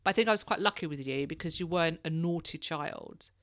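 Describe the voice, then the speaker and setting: A woman's voice: sits low, wildly swooping pitch, fast talker, creaky. A woman in her thirties, hosting a casual chat and telling candid stories, laughing now and then. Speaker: podcast host, mother.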